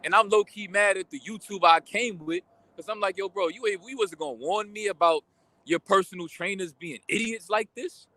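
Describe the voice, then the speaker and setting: A young man telling a story in a casual vlog rant, animated and full of slang, venting about a pickup game. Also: high voice, moderate pace, no room sound. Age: young adult. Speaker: vlogger.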